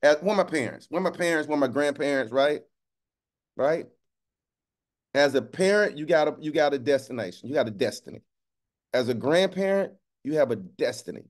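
A man preaching with a voice that sits a little high. He talks plainly and colloquially, checks in with "right?" over and over, and slows right down to drive a phrase home. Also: lively intonation. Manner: call-and-response, keeps asking "right?"; colloquial, drawls phrases slowly for emphasis. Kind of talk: sermon.

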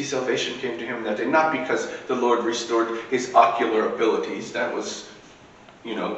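A man's voice: medium pitch, a bit bright, dull audio, slight background noise. A man preaching a sermon in a church, in a conversational way with casual asides. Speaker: priest. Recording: echoey church recording from far off.

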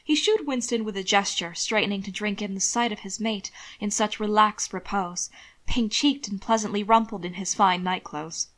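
A woman reading a fan fiction story aloud as narrator, in a calm, measured way. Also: medium pitch. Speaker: audiobook reader.

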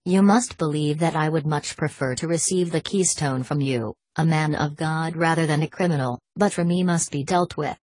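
A woman voicing a calm, commanding older male mastermind with a French accent, speaking in a measured, quietly menacing way in an audiobook reading. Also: sits low, slightly rough, no echo. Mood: hushed threat.

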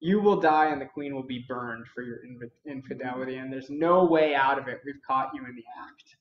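A man voicing angry knights who accuse loudly through a door. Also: medium pitch, a little fast, slight background noise, lightly acted. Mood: accusing. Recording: roomy, dull lo-fi recording.

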